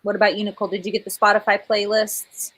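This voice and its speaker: A woman's voice: mid-range voice, level tone, quick pace, fairly bright tone, poor audio. A woman author hosting a live book premiere, chatting casually, laughing often and saying "y'all". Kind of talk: casual livestream chat.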